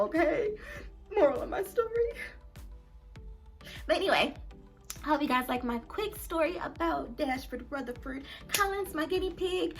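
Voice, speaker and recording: A young adult woman telling a story for her vlog in an animated, emphatic, slangy way. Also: very high voice. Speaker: vlogger.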